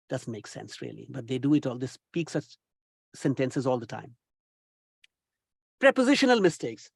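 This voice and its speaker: Animated trainer, dry sound. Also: male voice, high-pitched, no room sound. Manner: exasperated, mocking, teasing asides. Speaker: English communication trainer. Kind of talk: recorded lecture.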